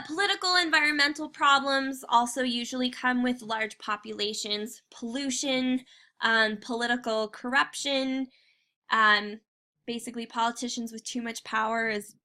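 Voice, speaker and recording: A woman teacher talks through a recorded lesson in a loose, chatty way, leaning on fillers as she goes. Her voice is very bright and a touch high. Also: steady tone, normal speed. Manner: casual, chatty, many fillers. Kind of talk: recorded class lecture.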